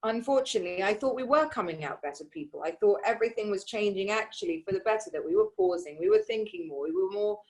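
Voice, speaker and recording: A woman co-hosting a chatty podcast who speaks her mind. She talks emphatically and sometimes slips into sarcasm, in relaxed conversation. Her voice sits at an ordinary pitch. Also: fast, hardly any pauses. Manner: outspoken, emphatic, sarcastic at times. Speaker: podcast co-host. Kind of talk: casual conversation.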